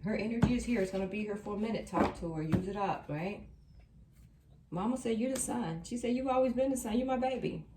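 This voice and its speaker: Reading tarot for her viewers, a woman speaks briskly at a medium pitch, stressing and repeating her main points in a reassuring way. A distant mic gives the recording a roomy feel, with background noise.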